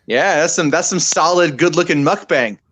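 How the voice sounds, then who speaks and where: Easygoing guy on a phone call, bright tone, dude this, man that. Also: a little high, moderate pace. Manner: laid-back, says dude and man. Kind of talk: casual chat.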